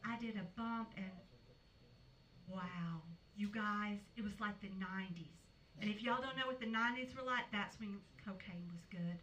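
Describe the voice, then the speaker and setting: A woman's voice: mid-range voice, moderate pace, a bit bright, far from the mic, slight background noise, poor audio. A woman comedian doing a brash, frank stand-up set and laughing at her own jokes. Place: live comedy venue.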